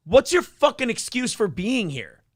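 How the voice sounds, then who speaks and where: A man co-hosting a talk stream, ranting loudly with heavy swearing and sarcasm. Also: very high voice, big pitch swings, a little slow, dry recording, studio quality. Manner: loud, sarcastic, swearing, jumps into mocking put-on voices. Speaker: co-host. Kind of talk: profane rant on a morning talk stream.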